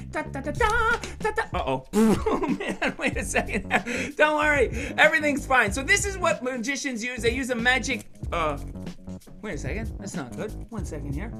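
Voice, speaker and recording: High, bright playful kids' magician man. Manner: playful, animated, teasing the kids. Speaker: magician performing for schoolchildren. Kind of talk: virtual kids' magic show. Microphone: video call.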